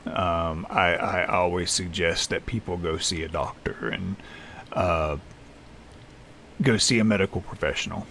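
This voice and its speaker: A man talking unscripted to camera alone in a small room, tired and halting, with many restarts and fillers. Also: low voice, steady tone, creaky, fairly bright tone, a little hiss or hum. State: lethargic, tired. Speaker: vlogger in recovery. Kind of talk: unscripted personal vlog. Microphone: camera facing speaker.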